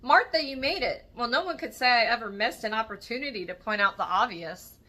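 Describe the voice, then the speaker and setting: A woman's voice: a little high, animated, fairly quick, sharp tone. A woman voicing an awkward, eager young male student who talks nervously, in a storybook reading. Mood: flustered. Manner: nervous, rambling.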